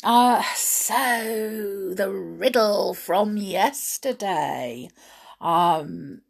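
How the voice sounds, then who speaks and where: A woman in her thirties hosting a show for children, speaking gently and slowly with many pauses and fillers. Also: medium pitch, creaky, slightly rough. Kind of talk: casual chat to children.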